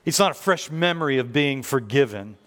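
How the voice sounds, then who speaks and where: A man's voice: medium pitch, lively intonation, brisk, a bit bright. A man preaching a sermon as pastor, telling stories conversationally with self-deprecating humor, in a church. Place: church sanctuary. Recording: long reverb of a large church hall.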